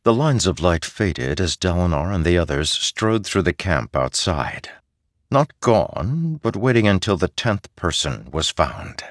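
Male audiobook reader, very deep and lively, dry close sound. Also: a little slow, no echo. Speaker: audiobook narrator. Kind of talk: scripted narration.

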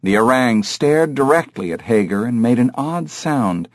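Man reading a thriller audiobook, slow, lots of pitch movement, dry booth. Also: animated, dry recording. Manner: measured storytelling. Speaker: audiobook narrator. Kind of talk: scripted narration.

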